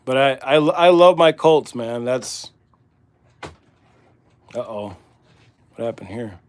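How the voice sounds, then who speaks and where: A man's voice: mid-range voice, expressive, slow. Man, Midwestern accent, livestream host, casual rambling chat, easygoing. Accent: Midwestern American. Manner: rambling and laid-back, full of "you know" and "man". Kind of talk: casual livestream chat while working on a task.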